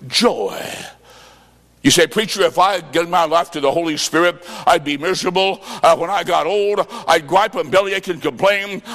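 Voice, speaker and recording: High-voiced preacher in a reverberant hall. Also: male voice. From Illinois, USA. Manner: preaching with sudden sung and shouted rises. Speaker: evangelist preacher. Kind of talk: sermon with storytelling.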